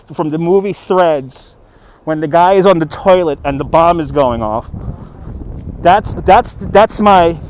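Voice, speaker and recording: Slow-talking chatty male livestreamer. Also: a little high, darkish tone. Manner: chatty, laughs often, talks to viewers and himself. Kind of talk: live walking stream commentary. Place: city street and indoor market. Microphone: phone on a handheld gimbal.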